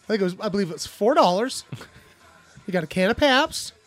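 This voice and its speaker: High-voiced man, blunt and profane. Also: lively intonation, a little fast, a bit bright. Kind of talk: casual chat.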